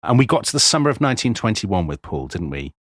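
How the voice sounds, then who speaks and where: A man co-hosting a history podcast, explaining in a measured, dry way. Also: fairly low pitch, sing-song, no room sound. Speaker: podcast co-host.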